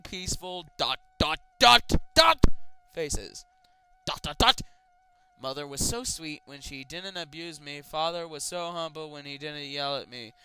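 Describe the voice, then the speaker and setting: A man's voice: a little high, bright, forceful tone, clear, resonant tone, low-quality recording. A man giving a comedic reading of an amateur horror story, breaking off often to mock it in a sarcastic, exasperated way and swearing freely. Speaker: reader of amateur horror stories. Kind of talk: comedic dramatic reading with commentary.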